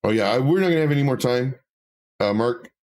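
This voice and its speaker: A man's voice: mid-range voice, animated, quick pace, a little mellow. A man co-hosting a live stream, reading viewer comments and talking candidly, with many fillers and self-corrections.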